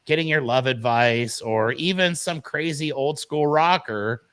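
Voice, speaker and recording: A man with a medium-pitched, smooth, slightly bright voice speaks at a measured pace. He's co-hosting an online morning show, chatting casually, telling stories and addressing his viewers directly as "folks."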